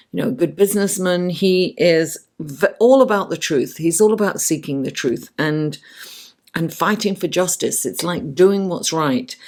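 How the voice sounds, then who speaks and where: A woman's voice: on the low side, a little mellow. A woman doing a chatty, affectionate tarot reading late at night, her voice worn and fading. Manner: chatty, affectionate, talks to the cards. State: losing her voice from the late hour. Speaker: tarot reader.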